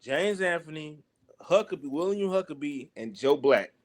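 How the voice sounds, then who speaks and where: Southern US male guest, slightly high voice, animated slangy storyteller. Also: moderate pace. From Southern United States. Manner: lively, acts out other people's lines, heavy slang. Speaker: guest wrestler.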